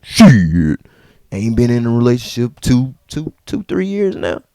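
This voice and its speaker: A man rants casually straight to camera, heavy with slang and repeated phrases. His voice is very lively, swinging from low mutters up to sharp outbursts. The sound is dry and close. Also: a little slow, smooth, dry recording. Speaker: vlogger.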